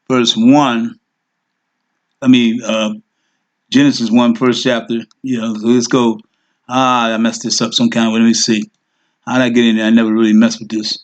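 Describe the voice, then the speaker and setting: Guy teaching off his screen, talks as he clicks around, lots of okay and all right, mid pitch. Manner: thinks aloud, fills with okay and all right. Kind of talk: screen-share lesson.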